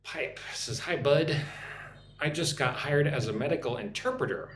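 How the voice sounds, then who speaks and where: American man, young, English teacher on a live stream, chatty, echoey room, faint hiss. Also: fairly high pitch. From United States. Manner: chatty, answering comments, repeating phrases slowly for practice.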